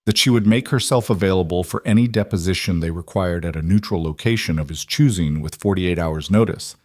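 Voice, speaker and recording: A man narrating a crime story in an even, unhurried audiobook style. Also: low-pitched, dry recording, clean studio sound.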